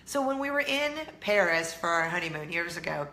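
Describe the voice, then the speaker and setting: A middle-aged American woman chats casually to her viewers, bubbly and quick to tease herself. Her voice is bright and sits a bit low. The room around her is echoey with a faint hum. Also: expressive. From United States. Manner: bubbly, self-teasing, laughs often. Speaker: vlog host. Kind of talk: casual chatty vlog.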